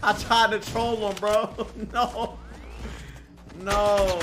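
A young man streaming a game from his home setup, swearing often, joking with chat and breaking into loud laughter and outbursts. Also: high voice, normal speed, noisy background. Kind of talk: casual live-stream commentary.

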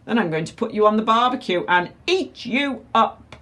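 A greedy pirate Tyrannosaurus who yells his threats with drooling relish, as a woman reading a storybook puts him on. His loud voice climbs and falls dramatically. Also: fairly high pitch, expressive, moderate pace, pitched above the performer's own voice. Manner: loud, threatening, then pleading.

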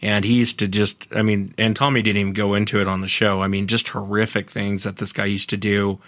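A man's voice: fairly low pitch, level tone, a little fast, fairly bright tone, no echo. A man, a podcast host appearing as a guest, earnestly retelling other people's encounters at length in a casual interview.

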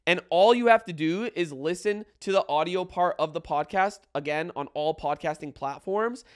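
A man's voice: a little high, normal speed, clean tone. A man in his twenties co-hosting a casual podcast, talking in an upbeat, rambling way into a studio mic. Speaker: podcast co-host. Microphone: studio podcast microphone.

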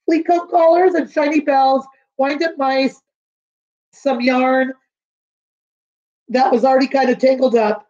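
High-voiced woman teacher reading aloud. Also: highs cut off. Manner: gentle, explains words, asks children questions. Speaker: kindergarten teacher. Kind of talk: reading a picture book aloud to children.

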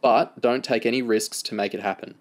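A man reading the lines of a calm, dry-humoured adult handler, speaking in a steady, level, lightly amused way. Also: mid-range voice, brisk, natural voice.

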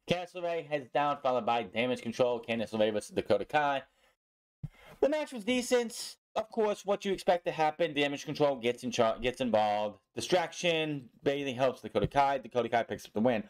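A young man talking through a wrestling episode in a casual, chatty way. He moves quickly from play-by-play recap to blunt opinions. His voice sits at an ordinary pitch for a man. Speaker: wrestling show reviewer.

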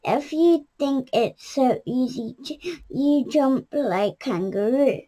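Cheeky bossy monkey boy from a storybook, high and slow, read by a woman. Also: expressive, heavily acted. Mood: gruff. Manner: calls out brightly, then gruff.

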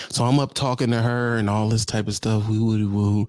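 A man's voice: lowish voice, flat delivery, normal speed, hardly any pauses, darkish tone, no room sound, studio quality. A middle-aged man, a truck driver, telling a comic story in a chatty, slangy way and talking straight to his viewers.

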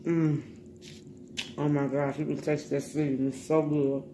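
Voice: mid-range voice, little pitch movement, unhurried, noisy background. A vlogger talking casually to viewers while eating, loose and slangy, often repeating words.

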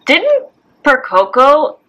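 A woman's voice: high voice, huge pitch swings, slow, a bit bright, lo-fi sound. A woman co-hosting a podcast, mocking and outspoken in a crude casual chat. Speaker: podcast co-host.

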